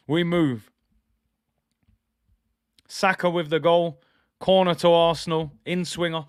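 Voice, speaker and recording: A man hosting a live football watch-along, reacting loudly to play and reading out viewer comments. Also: clear, resonant tone, no echo, clean studio sound. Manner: excitable, trailing off with a low "people"; reads out chat comments between play calls.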